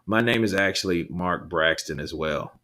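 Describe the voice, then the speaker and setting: Deep-voiced man chatting on a livestream. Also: normal speed, pushed and bright. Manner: loose, rambling, swears, laughs often. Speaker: livestream host reading chat. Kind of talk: casual live chat commentary.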